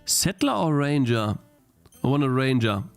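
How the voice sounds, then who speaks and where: A man's voice: medium pitch, very animated, measured pace, creaky, smooth, faint music behind. A young man streaming a game he is playing, thinking aloud, restarting his sentences and getting easily frustrated. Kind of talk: live-stream gameplay commentary.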